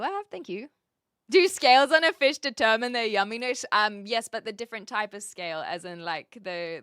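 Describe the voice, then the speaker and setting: A woman's voice: medium pitch, a bit bright, no echo, clean studio sound. A woman with a New Zealand accent, chatting on a live stream, reading out viewer questions and rambling with lots of fillers and restarts.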